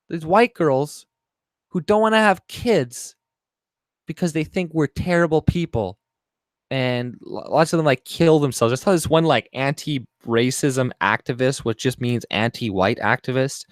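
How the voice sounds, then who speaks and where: A man's voice: medium pitch, dry recording, studio quality. A man hosting a casual livestream, ranting in a profane, mocking and heated way. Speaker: livestream host.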